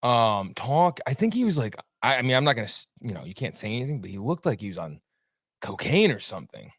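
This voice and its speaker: A man's voice: medium pitch, sing-song, fast talker, fairly bright tone, husky, no room sound, clean studio sound. A man hosting a sports talk show in a casual, rambling way, cracking sarcastic jokes between fillers. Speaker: podcast host. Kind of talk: casual chat.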